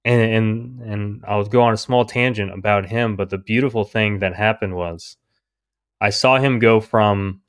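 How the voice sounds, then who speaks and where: Man, low voice, guest on a podcast, rambling, animated, quotes others. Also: moderate pace, clear, resonant tone. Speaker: indie comic creator, guest. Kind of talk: casual storytelling interview.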